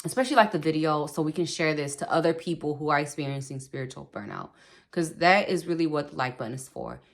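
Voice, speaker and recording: Woman host, low voice, relaxed chatty spiritual pep talk to her viewers. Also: quick pace. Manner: chatty, laughs often, repeats "okay", speaks to viewers directly. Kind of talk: casual spoken advice.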